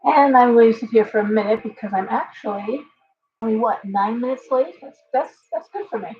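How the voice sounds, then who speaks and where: A woman's voice: on the high side, a little fast. A woman hosting a casual livestream from home, chatting loosely and breaking off to talk to her pet bird. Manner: chatty, talks to her parrot in baby talk. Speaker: livestream host and tarot reader. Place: home room with open windows. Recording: dull lo-fi livestream audio.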